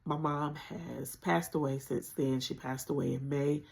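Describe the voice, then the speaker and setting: A woman with a gravelly, fry-tinged voice recounts a frightening chapter of her life to her livestream audience. She speaks earnestly and conversationally, and her words carry strong spiritual conviction. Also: low voice, steady tone, measured pace, a little mellow. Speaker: channel host sharing a personal story. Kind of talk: emotional personal storytelling on a livestream.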